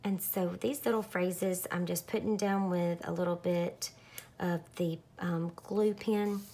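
Chatty young woman, lowish voice. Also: measured pace. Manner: chatty, relaxed, lots of fillers. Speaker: craft vlogger. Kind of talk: casual narrated craft tutorial.

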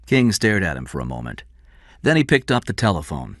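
A man narrating an audiobook in a measured, expressive storytelling manner. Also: sits low, no echo, clean studio sound. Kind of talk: audiobook reading.

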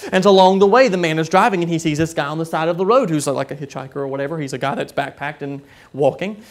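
A man preaching a sermon, telling a story with frequent halting restarts and repeated words. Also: a little high. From southern United States.

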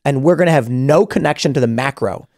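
A man's voice: mid-range voice, fairly quick, darkish tone, no echo. A man hosting a podcast, talking casually and animatedly, acting out imagined dialogue with many restarts, close to a studio mic. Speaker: podcast host.

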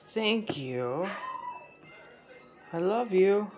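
A man's voice: a little high, lively intonation, a little slow, faint music behind. A man chatting casually and fondly to his pet snakes at home while cleaning their tubs, in a playful sing-song. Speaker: snake keeper vlogger.

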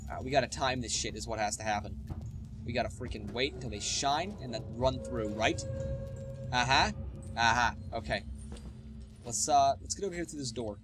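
A young man doing let's play commentary, sarcastic and excitable, swearing freely. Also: medium pitch, normal speed. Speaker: gaming YouTuber. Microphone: webcam setup. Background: game music and sounds.

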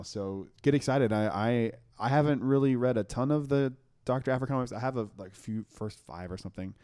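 Young male podcast host, low-ish voice, excitable and rambling, casual. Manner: enthusiastic, rambling with many restarts. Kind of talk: casual chat.

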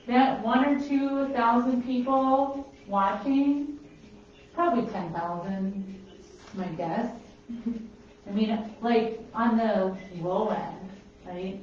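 A woman's voice: a little high, takes it slowly, a little hiss or hum. Minnesotan woman chatting from across a roomy studio. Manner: rambling, chatty, laughs at herself. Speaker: pet portrait artist. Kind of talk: casual chat while painting. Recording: roomy, distant, slightly dull.

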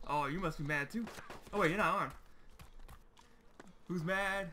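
A man playing a survival game online, taunting and chasing other players while commenting in gleeful, shouted bursts. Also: on the high side, a little slow, pauses often, slight background noise. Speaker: gameplay video creator. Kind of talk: trolling gameplay commentary.

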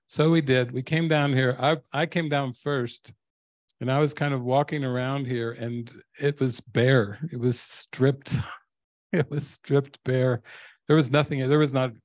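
A man's voice: medium pitch, no room sound. An older man, a spiritual teacher, telling stories to a live audience and laughing often. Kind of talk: storytelling talk to a live audience.

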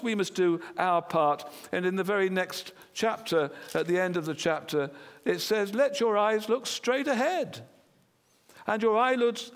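English preacher with hall reverb. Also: male voice, high voice. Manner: earnest, rhetorical questions to the congregation. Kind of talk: sermon. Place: church hall.

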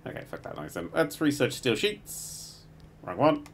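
A middle-aged man streaming a game live, muttering to himself, swearing freely and bursting into excited exclamations. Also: a little high, measured pace, gravelly, noisy background. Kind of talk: live gameplay commentary.

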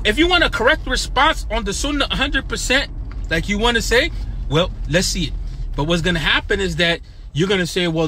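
Forceful, high-voiced imam rebuking his listeners. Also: slight background noise. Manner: forceful, confrontational, repeats rhetorical questions. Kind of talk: impassioned talk.

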